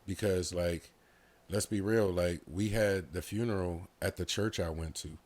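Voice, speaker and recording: A man speaks as a podcast guest in a very deep, low voice. He talks openly and with feeling, drifting through loose casual phrasing as he tells a personal story. He sounds young. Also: fairly even intonation, unhurried, darkish tone. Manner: candid, heartfelt storytelling with frequent "like" fillers. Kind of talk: casual conversation.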